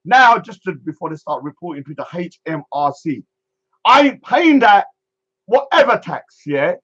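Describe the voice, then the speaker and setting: Man, vlog commentary, mocking and repetitive, high voice, muffled recording. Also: lively intonation, moderate pace, fairly bright tone, husky. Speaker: street speaker and vlogger.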